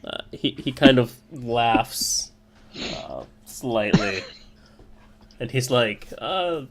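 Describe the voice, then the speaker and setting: A man's voice: mid-range voice, extremely slow, vocal fry. Laid-back man running a tabletop game. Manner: relaxed and joking, with many fillers. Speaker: dungeon master.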